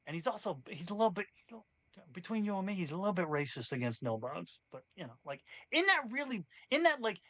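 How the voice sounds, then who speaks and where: A man's voice: high voice, very animated, fast, pushed and bright, no echo, highs cut off, exaggerated voice. A man doing a jokey, laid-back fellow. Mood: conspiratorial. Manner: chatty, laid-back, crude joking. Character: jovial irreverent adult man who jokes and swears.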